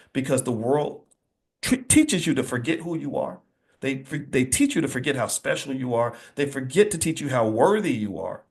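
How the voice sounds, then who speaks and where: A middle-aged man giving an emphatic, preachy motivational speech to an audience, telling stories with energy. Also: mid-range voice. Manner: preachy, emphatic, animated storytelling. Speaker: speaker addressing an audience.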